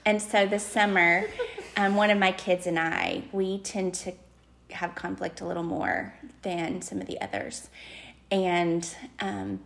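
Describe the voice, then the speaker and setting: A woman with an Alabama accent, co-hosting a parenting podcast and telling a personal story in a lively, self-mocking way. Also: medium pitch, measured pace, creaky. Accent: Southern US, Alabama. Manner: animated storyteller, laughs at herself. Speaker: podcast co-host. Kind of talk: casual chat, personal story.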